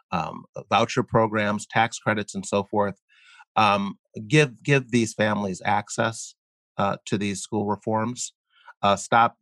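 A man speaking as a guest in an interview, explaining his views earnestly while halting often with fillers and repeated words. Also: lowish voice, a bit bright, no echo. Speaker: guest columnist. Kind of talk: conversational interview.

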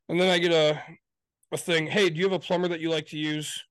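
A man's voice: a little high, flat delivery, fast talker, fairly bright tone, clear, resonant tone, no room sound. Exasperated man venting with profanity. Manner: acts out quoted exchanges. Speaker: podcast co-host. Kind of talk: casual chat.

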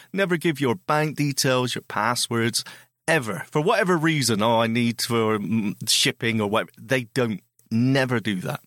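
Bright, lively-voiced teasing man. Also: medium pitch, no room sound, clean studio sound. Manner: teasing, laughs often, cautionary asides. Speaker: podcast co-host. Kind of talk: casual chat.

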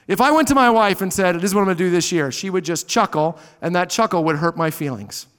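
High-voiced pastor preaching in a hall. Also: male voice, fast, smooth. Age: 30s. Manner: animated preaching, swings from loud emphasis to hushed asides. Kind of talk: sermon. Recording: long reverb of a large hall.

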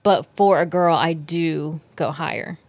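A woman with a low voice co-hosting a casual podcast chat, easygoing and quick to laugh. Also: no room sound. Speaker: podcast co-host. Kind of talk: casual chat among friends.

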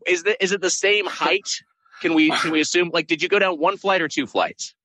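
A man hosting a casual live call-in podcast, rambling and wry, with many halting restarts. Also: high-pitched, bright, forceful tone, no echo. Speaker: podcast host.

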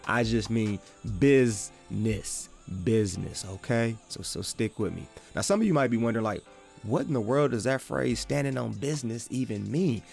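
A man with a Midwestern accent hosting a casual faith podcast, talking excitably in slang and repeating his phrases. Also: mid-range voice, a little fast, vocal fry, soft background music. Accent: Midwestern American. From American Midwest. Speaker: podcast host.

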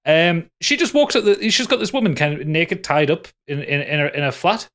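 Man, high lively voice, exasperated, sweary, casual podcast recap. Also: a little fast. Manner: exasperated, sweary storytelling with frequent restarts. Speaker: podcast co-host reviewing a film. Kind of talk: casual chat.

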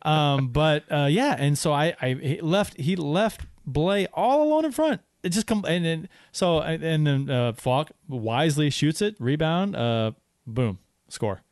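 Halting, rambling man on a podcast. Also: on the high side, expressive, a little mellow, dry recording, clean studio sound. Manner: halting, many restarts, rambling. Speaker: podcast co-host. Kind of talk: casual hockey podcast chat.

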